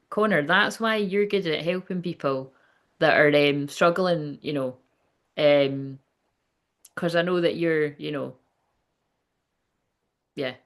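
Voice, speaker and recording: A woman, hosting a casual livestream as a psychic medium, chatty and rambling, swearing and laughing as she goes. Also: lowish voice.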